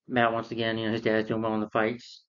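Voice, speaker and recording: A man's voice: on the low side, completely flat delivery, quick pace, fairly bright tone, highs cut off. A man retelling a film's plot in a casual, rambling way, full of fillers and restarts. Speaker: film reviewer.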